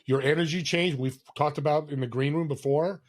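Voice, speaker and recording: A man's voice: a little high, steady tone, fairly quick. A man, a podcast guest, talking earnestly in a casual interview and telling stories with acted-out quotes. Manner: earnest storytelling, acts out quoted voices.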